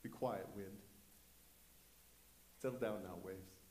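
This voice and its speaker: A preacher doing a gentle, commanding teacher, his voice dropped low and hushed. The figure speaks slowly and soothingly, with an unhurried calm. It rings out in an echoey church room. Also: a little hiss or hum.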